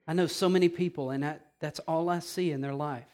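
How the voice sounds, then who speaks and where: A man's voice: on the high side, fairly even intonation, a little fast, hardly any pauses, a little mellow. A man preaching a sermon as pastor, talking conversationally with humorous asides.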